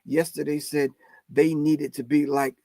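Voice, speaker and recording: A man's voice: fairly high pitch, level tone, a little slow, mellow, no room sound. A middle-aged man hosting a live stream, giving emphatic, preachy commentary and calling his audience family. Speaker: host.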